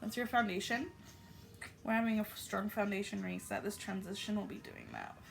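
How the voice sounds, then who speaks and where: A woman's voice: mid-range voice, fairly even intonation, moderate pace, gravelly, soft background music. A woman giving a casual spiritual message to her viewers, affectionate and encouraging, with loose fillers. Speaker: spiritual YouTube channeler.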